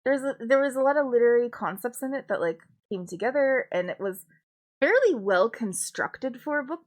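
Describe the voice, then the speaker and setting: Woman streamer, mid-pitched, loose casual chat, rambling with fillers and swearing.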